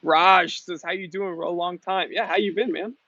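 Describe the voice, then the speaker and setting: A man's voice: high voice, steady tone, moderate pace, bright, forceful tone, highs cut off. A young adult man hosting a casual live stream, reading out viewer comments in an upbeat, chatty way. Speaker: host.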